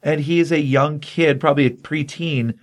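A man hosting a casual comic book review podcast, retelling the plot in an animated storytelling way. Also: on the high side, normal speed.

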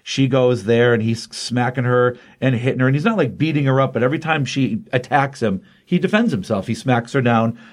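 A man's voice: medium pitch, fairly quick, hardly any pauses. A man co-hosting a comic book podcast, retelling a story in casual chat and acting out the quotes. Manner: animated retelling with acted quotes.

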